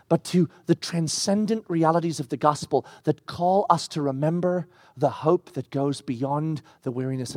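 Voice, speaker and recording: A man preaching a sermon, animated and emphatic, slowing down to stress key words. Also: high-pitched, husky, dry recording, studio quality. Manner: acts out scripture quotes in character voices.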